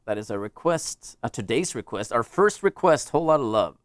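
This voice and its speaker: On a live music stream, a man from the United States talks with viewers in a loose, rambling way, cracking jokes and cutting himself off. He has a medium-pitched voice with lively intonation and a slightly fast pace, and the studio sound is clean with no room echo.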